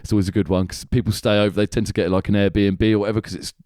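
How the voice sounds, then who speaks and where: A man's voice: on the low side, little pitch movement, rapid-fire, darkish tone, dry recording, studio quality. A man hosting a podcast, chatting casually in a rambling way, swearing and laughing often. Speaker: podcast host. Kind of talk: casual comedic chat.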